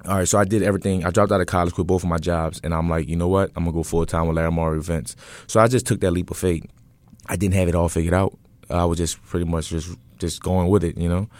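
A young man in his twenties with a very low voice tells his own story to an interviewer. He talks casually and earnestly, often pausing on fillers and restarting his sentences. The sound is dry and close to the mic. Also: steady tone, no room sound. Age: 20s. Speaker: interview guest, entrepreneur.

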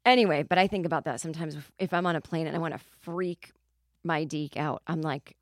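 A woman's voice: lowish voice, lively intonation, a bit bright, dry recording. Rambling woman comic, dry close sound. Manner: rambling, self-interrupting storyteller with quick asides. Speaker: podcast host. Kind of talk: casual comedic monologue.

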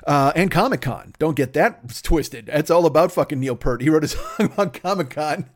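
Man, fairly high voice, crude, rambling, comedy podcast riffing. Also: animated, moderate pace.

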